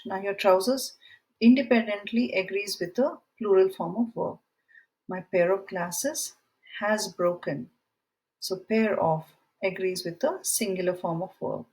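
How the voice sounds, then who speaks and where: In an unhurried, medium-pitched voice with a darkish tone, a woman who teaches English works through a deliberate grammar lesson. She illustrates rules with sample sentences and reads quiz questions aloud, though the audio is poor.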